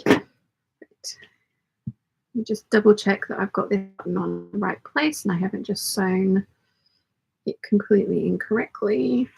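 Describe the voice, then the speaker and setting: A woman with a hoarse, croaky voice, chatting casually and rambling as she sews and answers a live chat. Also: medium pitch, a little slow, pauses often, a little mellow, soft background music. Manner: rambling, self-deprecating, chatty. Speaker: sewing livestream host. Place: home sewing studio.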